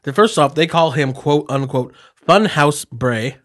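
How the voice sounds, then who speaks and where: A man co-hosting a casual podcast, telling a story with excited, profane energy. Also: fairly high pitch, measured pace. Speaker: podcast co-host. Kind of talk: casual chat.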